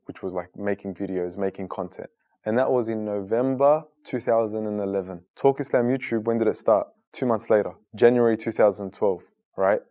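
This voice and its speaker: A man in his thirties from Australia, telling his own story in an interview in an earnest way and becoming lively when he retells conversations. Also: on the low side. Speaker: guest, Muslim content creator.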